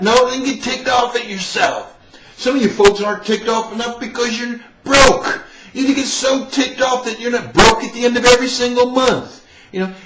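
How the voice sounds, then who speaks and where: Man, motivational life coach, emphatic, swooping lively voice, roomy dull recording. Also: fairly high pitch, slight background noise. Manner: emphatic, fired-up preaching tone. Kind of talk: motivational monologue.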